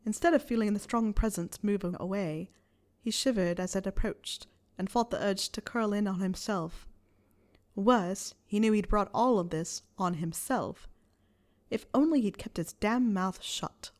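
A woman reading fan fiction aloud in a soft, steady storytelling voice. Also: mid-range voice, a little slow. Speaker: reader.

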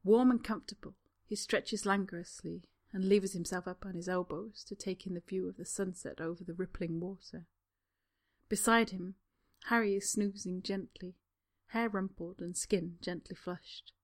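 Soft-voiced woman reading a story. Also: mid-range voice, fairly even intonation, moderate pace. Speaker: narrator. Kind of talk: audiobook reading of a fan story.

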